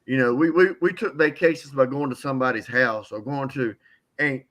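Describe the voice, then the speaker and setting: An older man giving an emotional, heartfelt testimony on a call, halting and repeating words as he grows tearful. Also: mid-range voice, a bit bright.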